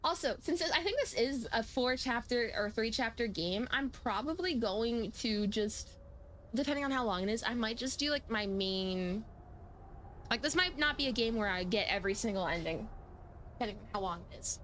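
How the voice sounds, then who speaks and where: A woman's voice: fairly high pitch, lively intonation, normal speed, a bit bright, a little hiss or hum. A young woman casually streaming a horror game, giggling and reading the game's text aloud. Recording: game music behind.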